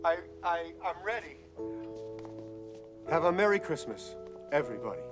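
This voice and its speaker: An actor playing a middle-aged male TV executive giving an emotional, stammering speech that rises into shouts. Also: on the high side, big pitch swings, moderate pace, music in the background. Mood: impassioned. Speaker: film character delivering a speech. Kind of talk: film dialogue.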